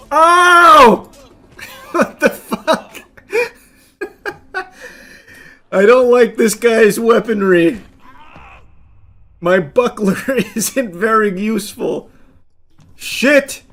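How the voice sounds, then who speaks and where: A man streaming a game, shouting, swearing and laughing in bursts between dry asides. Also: very high-pitched, expressive, drawn-out words, long pauses. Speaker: gaming streamer. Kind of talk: live gameplay commentary.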